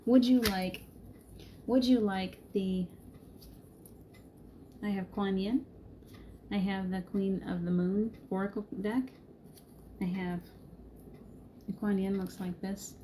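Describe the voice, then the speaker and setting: A woman's voice: medium pitch, fairly even intonation, slow, pauses often, dark tone, slight background noise. A middle-aged woman hosting a live spiritual card reading, speaking in a soothing, reassuring way, laughing easily and greeting viewers by name. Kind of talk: gentle encouraging spiritual talk to live viewers.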